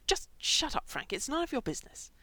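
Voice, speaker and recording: A woman's voice: sits high, very animated, brisk, sharp tone, no echo, voice pushed up, heavily acted. A woman voicing an indignant young man turned into a hamster, prone to swearing outbursts. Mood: snappish.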